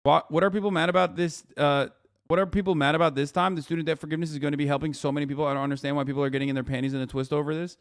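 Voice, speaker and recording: Speaking rapid-fire with fairly even intonation, this man's voice runs on the high side. He's a political streamer hosting a live stream, cursing and ranting incredulously about the news in casual commentary.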